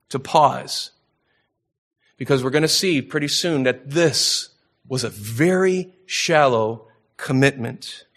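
A man delivers an expository sermon in a bright, forward voice that sits a little high. He reads scripture aloud, then builds his points with rising emphasis and dramatic pauses. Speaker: pastor.

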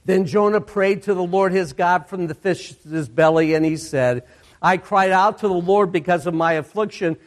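A male pastor preaching a sermon, reading scripture aloud and repeating key phrases for emphasis. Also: high-pitched. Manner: slow, deliberate reading of scripture with emphatic repetition.

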